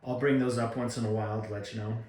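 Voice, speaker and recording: A man's voice: medium pitch, flat delivery, fast, a little mellow. A man talking to the camera in a reflective gratitude vlog, earnest and rambling, with many ums and restarts. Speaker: vlogger. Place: room at home. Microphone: camera mic. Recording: echoey room.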